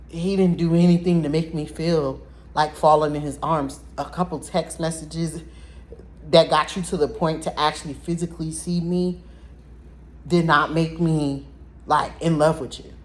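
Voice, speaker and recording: Blunt, animated woman telling a story. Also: sits low, unhurried. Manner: animated, blunt, addresses viewers directly. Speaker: vlogger telling a personal story. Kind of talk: casual storytelling vlog.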